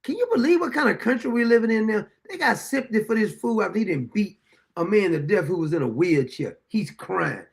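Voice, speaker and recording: A man hosts his own show and reacts to a courtroom video with indignant, profane commentary. He rambles and restarts, his voice high-pitched and gravelly throughout. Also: animated, fairly quick. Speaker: show host.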